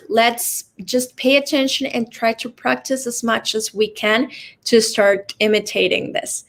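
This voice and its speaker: A woman teaching an online language class. She talks slowly, in a slightly high voice. She keeps pausing to ask "okay?" as she explains. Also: a bit bright. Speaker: Spanish teacher.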